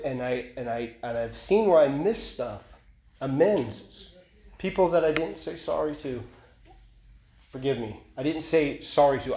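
In an echoey meeting room, a man with a fairly high, mellow voice gives earnest, confessional testimony at a recovery meeting. He often repeats and restarts his phrases.

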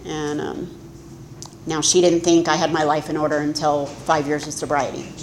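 A woman's voice: sits low, little pitch movement, moderate pace, slight background noise. A middle-aged woman giving a candid, self-mocking personal testimony as a speaker at a recovery meeting. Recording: echoey room with faint ambience.

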